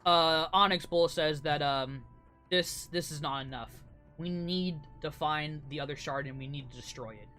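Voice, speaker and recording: A man's voice: a little high, normal speed, sharp tone, soft background music. A man narrating as dungeon master, casual with filler words. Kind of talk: narrating a tabletop game.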